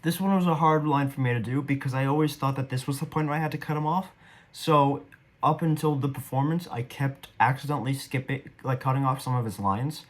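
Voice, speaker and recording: A young man talks through his own stage performance in a loose, rambling way. He is casual and a bit self-deprecating, and his voice sits at an ordinary middle pitch. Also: a little fast. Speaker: actor reviewing his performance. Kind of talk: casual commentary.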